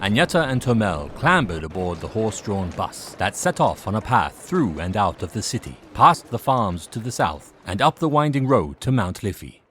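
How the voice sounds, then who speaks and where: A man giving scripted narration for a fantasy audio drama, steady and descriptive. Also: on the low side, moderate pace, hardly any pauses, a little hiss or hum. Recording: narration over music.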